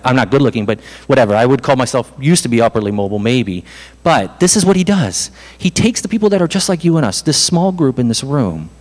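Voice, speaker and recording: A man preaching a sermon as pastor, in an animated, conversational way with self-deprecating asides. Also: mid-range voice. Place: church hall. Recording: reverberant hall.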